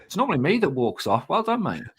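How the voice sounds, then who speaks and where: A man's voice: on the high side, huge pitch swings, fast, slightly rough. A man co-hosting a podcast in casual chat, with a dry, self-mocking humour. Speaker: podcast co-host.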